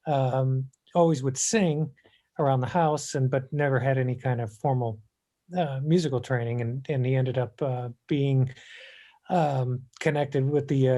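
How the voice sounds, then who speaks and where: A man from Illinois, a guest on an interview show, answers haltingly with lots of pauses and fillers. His voice is mellow and relaxed, sitting in a middle pitch. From Illinois, USA. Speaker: guest musician.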